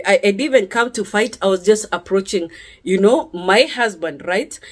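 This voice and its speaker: A woman's voice: medium pitch, normal speed. Earnest woman vlogger recounting a testimony. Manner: chatty, checks in with listeners by asking "yeah?" again and again; earnest and emphatic, sometimes rising sharply on key words. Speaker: vlogger sharing a personal testimony. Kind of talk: casual spoken testimony.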